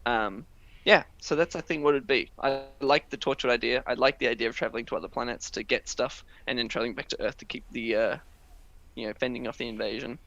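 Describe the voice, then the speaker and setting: A man's voice: medium pitch, fast talker, a bit bright, dry recording, highs cut off. Young male podcaster, casual, talks in long rambling retellings. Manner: rambling, lots of fillers and retold scenes. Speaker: podcast co-host. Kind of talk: casual chat.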